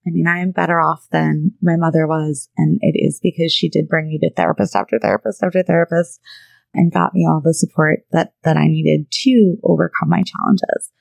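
A woman's voice: sits low, brisk, vocal fry, a little mellow, dry recording, poor audio. A woman in her thirties, a therapist hosting her own podcast, talking conversationally with frequent "right?" and "you know" asides. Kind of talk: casual monologue.

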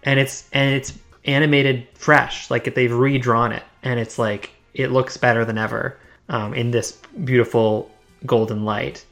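Man, podcast guest, casual chat, enthusiastic, descriptive, average pitch. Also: flat delivery, measured pace, vocal fry, fairly bright tone, faint music behind. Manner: enthusiastic, descriptive, frequent restarts.

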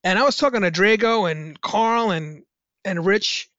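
A musician appearing as a podcast guest tells rambling, casual anecdotes full of fillers and restarts. His voice is high, unhurried, and a bit bright, recorded with no echo but sounding dull.

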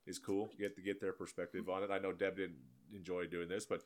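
A man's voice: low voice, level tone, a little fast. A man hosting a casual podcast chat, profane and prone to restarting his sentences. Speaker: podcast host.

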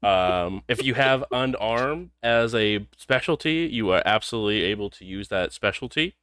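A man's voice: fairly low pitch, lively intonation, normal speed, fairly bright tone, clean tone, no echo, clean studio sound. A man running a tabletop game as game master, laid-back and amused.

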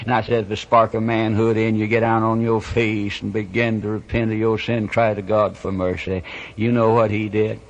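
A man preaching a fiery revival sermon, moving from quiet storytelling to loud impassioned warnings. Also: on the low side, little pitch movement, normal speed. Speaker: evangelist preacher. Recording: dull lo-fi old sermon recording.

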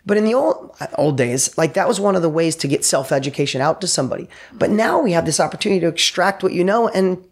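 A man speaking as an entrepreneur guest on a podcast, an energetic storyteller who acts out the quotes in his stories. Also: sits high, quick pace, few pauses, slightly rough. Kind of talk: enthusiastic podcast interview.

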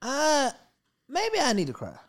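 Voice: sits high, wildly swooping pitch, a little slow. A podcast host in casual chat, telling stories in a joking, slangy way and acting out their own thoughts.

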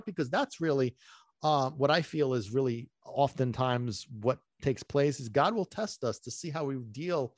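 Man, podcast host, animated rambling storytelling, mid-pitched voice, dry close sound. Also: measured pace, dry recording. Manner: animated, rambling, swings between loud and muttered.

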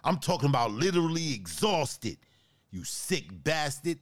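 A man's voice: a little high, very animated, normal speed. Profane, indignant man ranting. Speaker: podcast host. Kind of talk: comedy sketch.

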